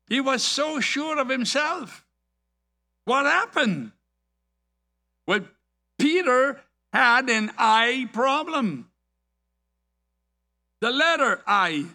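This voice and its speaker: A man preaching a sermon, deliberate and full of rhetorical questions and anecdotes. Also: very high voice, animated, bright, forceful tone.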